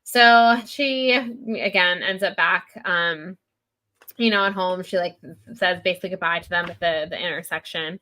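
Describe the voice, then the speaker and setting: A woman co-hosting a podcast chats casually about a book in a lowish, bright, forceful voice at a moderate pace. She leans heavily on "like" and retells scenes complete with quoted lines.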